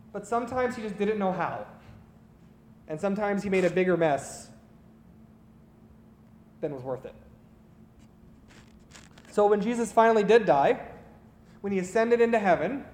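A man's voice: sits high, darkish tone, reverberant, long reverb tail. A man preaching a sermon, retelling stories in an earnest, conversational way.

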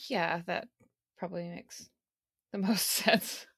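A woman at a tabletop game, describing her character's actions in a chatty way with frequent laughs. Her voice is bright, and the recording is dry and close. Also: lowish voice, steady tone, takes it slowly, breathy edge, dry recording. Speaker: player. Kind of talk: casual tabletop play.

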